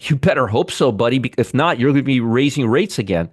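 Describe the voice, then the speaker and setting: A man's voice: medium pitch, expressive, fast talker, no echo, clean studio sound. A man hosting a live trading show, giving blunt, sarcastic market commentary and bantering with chat viewers. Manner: blunt, swears freely.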